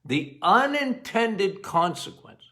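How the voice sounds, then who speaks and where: Middle-aged doctor guy on a podcast, fairly high voice that swings a lot, talks slow and animated, goes off on tangents. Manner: animated, talks straight to listeners, quotes patients in playful voices; goes off on tangents, repeats phrases for emphasis. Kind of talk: health podcast monologue.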